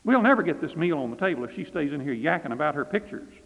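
Man playing an anxious hostess, higher pitched, lively, phone-thin and roomy. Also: normal speed, exaggerated voice. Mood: flustered. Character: flustered fussy woman hostess, anxious. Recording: phone-like reverberant recording.

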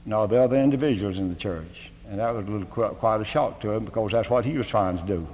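A man's voice: on the low side, fast talker, darkish tone. An older man, giving a homespun, humorous address to a seminary faculty, full of fillers and rhetorical questions. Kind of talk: folksy sermon-style address. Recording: long hall reverb.

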